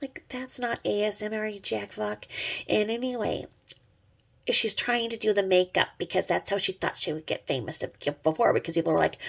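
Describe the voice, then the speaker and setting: A woman's voice: medium pitch, normal speed, vocal fry, slightly rough. A middle-aged woman giving a sarcastic, profane gossip commentary as a vlogger, mocking someone she watches online.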